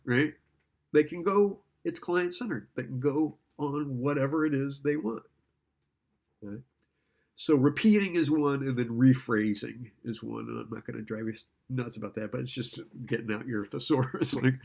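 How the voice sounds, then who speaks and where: Man, lecturer, gravelly voice, conversational, acts out example dialogue. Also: mid-range voice, expressive, normal speed, darkish tone. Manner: conversational, keeps asking "right?"; acts out client and therapist lines. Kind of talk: casual classroom lecture.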